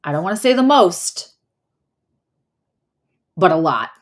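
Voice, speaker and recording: A woman with a slightly low voice gives a casual astrology and tarot reading. She talks in a chatty, rambling way and often breaks off to correct herself. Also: very animated, unhurried.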